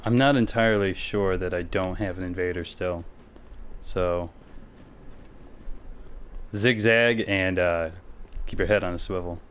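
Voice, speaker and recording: Deep-voiced man teasing dryly. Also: fairly even intonation, unhurried, pauses often, a bit bright, clean tone. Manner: dry teasing banter with casual swearing. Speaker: streamer. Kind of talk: casual gaming chat.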